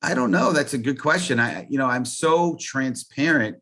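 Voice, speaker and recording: A man's voice: medium pitch, animated, normal speed, fairly bright tone. Earnest, rambling male interview guest. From US Northeast. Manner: earnest, rambling, many fillers. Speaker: podcast guest, networker. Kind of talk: casual interview.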